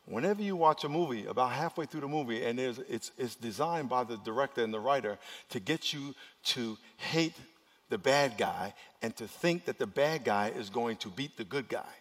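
A man preaching a sermon as pastor, swinging between loud urgent passages and quiet, hushed ones. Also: medium pitch, animated, moderate pace. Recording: long reverb of a large hall.

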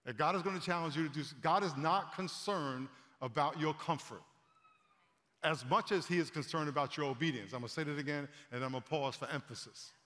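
A preacher in his fifties gives a sermon in a chatty, storytelling style, speaking a little fast and addressing the congregation. His voice is fairly high for a man, he often doubles back and repeats words, and a long hall reverb from the large church fills the sound.

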